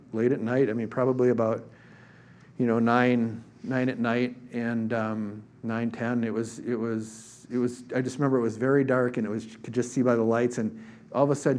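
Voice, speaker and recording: A man's voice: mid-range voice, a little mellow. A man preaching a sermon, telling a personal story in a conversational way with many fillers and restarts. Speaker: pastor.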